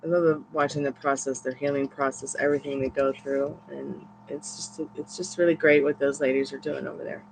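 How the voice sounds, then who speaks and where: Rambling, halting woman chatting on a live stream. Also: rumbling low, flat delivery, creaky, background noise. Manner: rambling, halting, with many restarts and fillers. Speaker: live-stream tarot reader. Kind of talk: casual live-stream chat with viewers.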